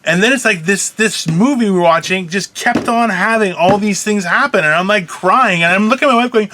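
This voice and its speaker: A young man co-hosting a casual comedy podcast, animated and profane, breaking into loud mock outbursts. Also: sits high, fairly quick, hardly any pauses. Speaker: co-host.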